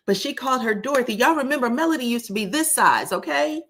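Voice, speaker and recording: A woman's voice: on the high side, fast talker. Chatty woman talking to her live chat. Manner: animated, chatty, addresses the chat directly. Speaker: livestream commentator. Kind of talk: casual live-stream commentary.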